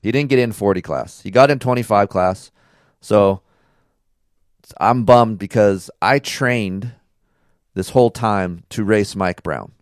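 Low-voiced male podcast co-host, loose and profane, dry close mic. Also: a little slow, long pauses, dry recording. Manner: rambling, profane, animated storytelling. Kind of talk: casual chat.

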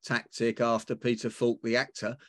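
A man hosting a casual conversation. He talks in a relaxed, easygoing way with a few fillers, recorded dry and close. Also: mid-range voice, moderate pace, dry recording. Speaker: host. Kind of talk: casual chat.

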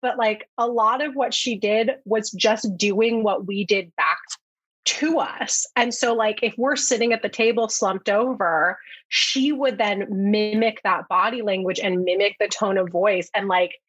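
A woman's voice: medium pitch, a little slow, slightly rough, no echo, muffled recording. A young woman working as a speech-language pathologist, chatting casually as a guest and often saying "like" and "you know". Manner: relaxed, with many "like" and "you know" fillers. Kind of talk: casual podcast chat.

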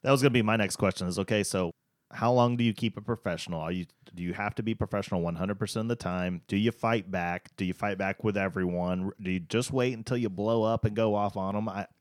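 A man with a very deep voice, recorded close and dry. He hosts a relaxed chat and asks reflective questions. He thinks out loud as he talks. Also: fast, no room sound. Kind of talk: casual podcast conversation.

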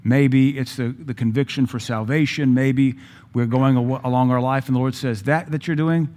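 A man preaching a sermon in a blunt, emphatic way, with sudden loud stresses, acting out the people he quotes. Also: medium pitch, little pitch movement, moderate pace.

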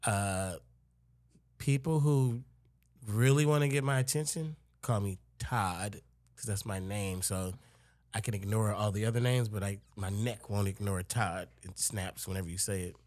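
A middle-aged man chatting casually as a podcast guest, laid-back and rambling, often dropping his voice low. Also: unhurried, darkish tone, no echo. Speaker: guest rapper. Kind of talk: casual chat.

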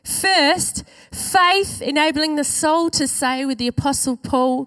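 High-voiced woman preaching a sermon. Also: bright, forceful tone. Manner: earnest, emphatic, slows for key phrases.

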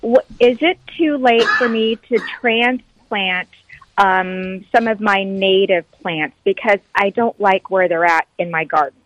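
A woman's voice: mid-range voice, a little slow, dull audio, background noise. A woman calling a radio garden show, cheerful and polite. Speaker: caller. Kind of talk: call-in question.

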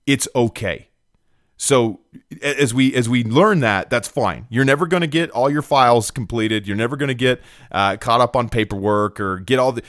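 A man's voice: medium pitch, no room sound. A middle-aged man speaks in a mid-range voice, recorded close with a dry, dead sound. He hosts a business podcast in an earnest, emphatic way, leaning on "right?" and "look" to drive his points home. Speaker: podcast host, business owner. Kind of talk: motivational podcast talk.

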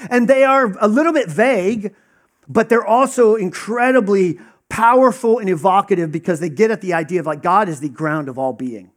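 A man's voice: high voice, normal speed. A man preaching a conversational sermon, teaching casually with lots of fillers and acted-out dialogue.

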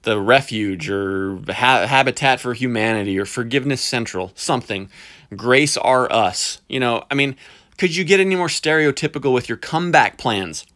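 A man delivering a sarcastic, animated ranting commentary, stretching words for emphasis and mocking with hyperbole. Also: medium pitch, moderate pace. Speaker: podcast commentator.

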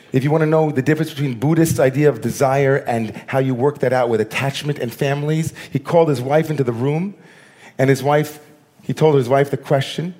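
A man, a rabbi giving a sermon, telling stories that swing between animated bursts and hushed, slow lines. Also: medium pitch.

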